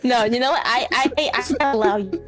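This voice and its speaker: A woman's voice: on the high side, quick pace, faint music behind. A woman guest streamer chatting and teasing her friend in a sassy way during a game. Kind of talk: casual let's-play chat.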